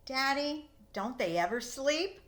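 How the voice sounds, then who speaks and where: An eager little boy with a high, bright voice that leaps up and down with excitement, as a storytelling woman puts him on. He speaks slowly and carefully, the way a storybook is read to small children. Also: full character voice.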